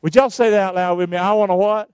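Man, preacher, sermon, dry close sound, high voice. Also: steady tone, fast, clear, resonant tone, no echo. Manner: calls for responses, shouts the verses out.

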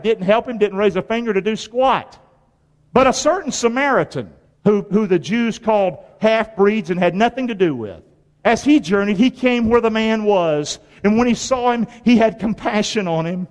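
A man preaching a sermon, animated, often asking the congregation "Amen?". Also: high voice, moderate pace, big-room sound. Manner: animated, call-and-response, frequent "Amen?".

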